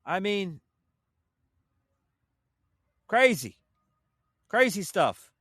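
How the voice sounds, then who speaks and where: A man's voice: sits high, very animated, extremely slow, a bit bright, dry recording, studio quality. A man hosting an opinion podcast, ranting in a heated, sarcastic way and swearing as he talks to his listeners. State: a little winded. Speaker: podcast host.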